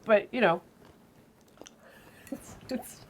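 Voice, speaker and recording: Easygoing woman tasting food. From Canada. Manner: easygoing, chatty, quick agreeing asides. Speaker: co-host taster. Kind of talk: casual chat.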